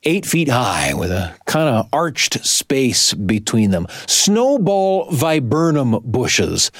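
A man hosting the show, reflecting in an unhurried way after a story. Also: medium pitch, very animated, no room sound. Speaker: host. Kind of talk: radio-style show hosting. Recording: dry studio with music bed.

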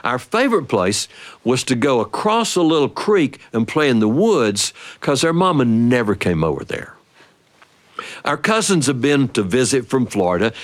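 A middle-aged man telling a family story to children, playful and animated. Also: mid-range voice.

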